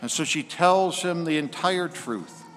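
A man's voice: on the high side, measured pace, fairly bright tone, slight background noise. Man preaching a sermon in a reverberant hall.

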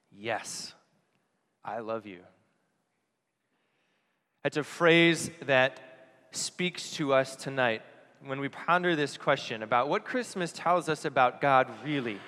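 A priest giving an earnest Christmas homily, asking rhetorical questions and dropping softly on key phrases. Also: male voice, fairly high pitch. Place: church. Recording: long church reverb.

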